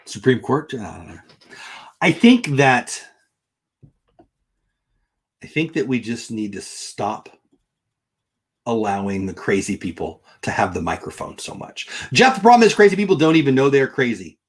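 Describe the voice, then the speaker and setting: A middle-aged man on a casual livestream, talking straight to his viewers and answering their chat. His voice is slightly husky and swings widely in pitch as he rants in disbelief. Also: moderate pace, pauses often. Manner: exasperated, ranting, animated. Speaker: livestream host reading chat.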